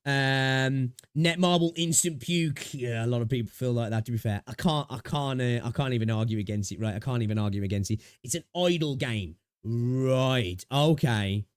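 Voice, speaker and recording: Young British streamer, rambling chat with viewers, average pitch, dry close mic. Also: male voice, normal speed, few pauses, smooth, dry recording. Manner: rambling, chatty, swears freely, talks to chat. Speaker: gaming livestreamer. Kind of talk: casual livestream chat.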